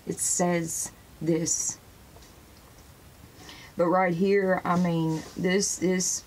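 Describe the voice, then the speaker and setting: Woman host, gravelly voice, casual and rambling, eager to show pictures from her books. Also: lowish voice, darkish tone, a little hiss or hum, low-quality recording. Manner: sprinkles praise phrases into talk. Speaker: religious video host. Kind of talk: casual show-and-tell talk to camera.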